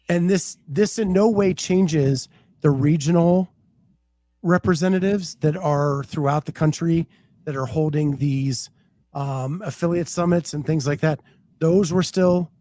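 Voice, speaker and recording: A man hosting a casual podcast, chatting in an unhurried way and reading out names and places. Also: a little high, dark tone, no room sound. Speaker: podcast host. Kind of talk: casual chat.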